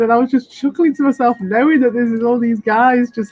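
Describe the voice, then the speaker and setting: A woman's voice: on the high side, flat delivery, brisk, hardly any pauses, a little mellow, no room sound. A British woman rants in a loose, rambling monologue, swearing constantly and breaking into laughter. Her tone is defiant and mocking, with faint music playing behind her. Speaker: crypto streamer. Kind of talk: casual ranting monologue.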